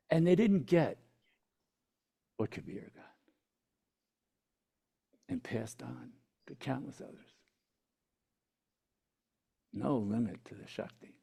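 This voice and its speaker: A man's voice: medium pitch, vocal fry, dark tone, husky. A man giving a spiritual teaching talk, telling a story and checking in with his listeners by asking "hmm?".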